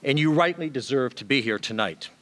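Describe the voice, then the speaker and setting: A man delivering a formal prepared tribute speech, measured and steady, with small hesitations. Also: mid-range voice. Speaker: tribute speaker.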